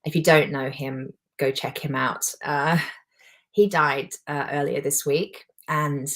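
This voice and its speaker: A woman speaks in a notably low voice, leading a live motivational session as a life coach. She sounds heartfelt and openly emotional, talking in a personal, confiding way. She is in her forties. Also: steady tone, slow pace. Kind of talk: live motivational talk to an audience.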